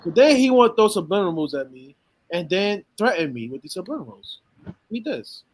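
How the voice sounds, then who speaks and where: A man's voice: sits high, very animated, fairly quick. A man hosting a casual podcast, telling a story with many quotes and laughing often. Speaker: podcast host. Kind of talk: casual chat.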